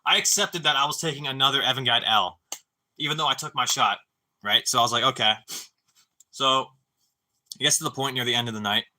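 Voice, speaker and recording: A young man talks casually to a live stream audience with a very bright, forward voice. He rambles through a story, stumbles over restarts, swears freely and drops "dude" and "bro" into nearly every line. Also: mid-range voice, a little fast, pauses often. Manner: stammering restarts.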